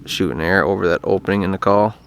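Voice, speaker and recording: A man's voice: deep voice, steady tone, fast talker, creaky. A man casually explaining a hunting call outdoors, plainspoken and self-deprecating. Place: outdoors in bright sun.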